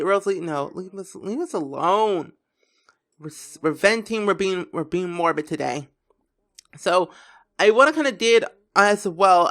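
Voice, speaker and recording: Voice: medium pitch, fairly bright tone. A gameplay commentator talking casually and rambling on, with lots of filler words and restarts.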